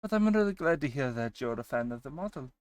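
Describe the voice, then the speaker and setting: This is relaxed live-stream chat from a man adopting a put-on character voice for his persona, full of laughter and free swearing. He talks fast at a medium pitch with lively intonation and a slightly mellow quality, on a dry recording.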